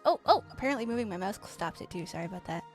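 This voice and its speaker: A woman streamer telling a story in a profane, animated rant while she plays a game. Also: medium pitch, racing, soft background music. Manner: profane, animated ranting with quoted exchanges. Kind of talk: casual storytelling while gaming.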